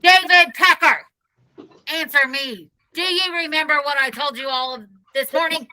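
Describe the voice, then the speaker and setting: A woman voicing a stern, angry school principal, shouting and demanding in a read-aloud of a children's book. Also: sits high, moderate pace, low-quality recording.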